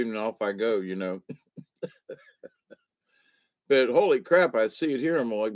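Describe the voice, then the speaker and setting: A man hosting a casual late-night livestream, rambling and chuckling while a little high. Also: expressive, moderate pace, long pauses, highs cut off. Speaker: livestream host.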